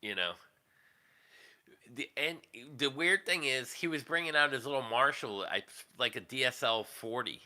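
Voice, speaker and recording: A man hosting a casual livestream, talking in a rambling, profane, animated way. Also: medium pitch, moderate pace. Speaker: livestream host.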